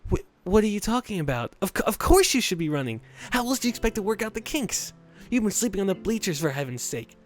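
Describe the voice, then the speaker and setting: Guy doing a peppy pushy teen runner girl, kinda high, bossy and brisk, faint music behind. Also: very animated. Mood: scolding. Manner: brisk, pushy, cheerfully scolding. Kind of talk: reading a visual novel aloud.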